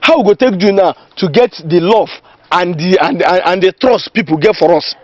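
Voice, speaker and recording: An actor with a Nigerian accent playing a complaining village vigilante in a comedy film. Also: male voice, sits high, animated, normal speed, no room sound. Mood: worried. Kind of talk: Nollywood comedy film acting.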